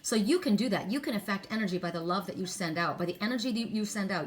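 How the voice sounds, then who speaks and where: A woman's voice: medium pitch, expressive, fast talker. A middle-aged woman reading oracle cards, chatting earnestly and telling stories with many asides. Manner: chatty, earnest, storytelling with many "you know"s. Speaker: oracle card reader. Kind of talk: casual spiritual talk.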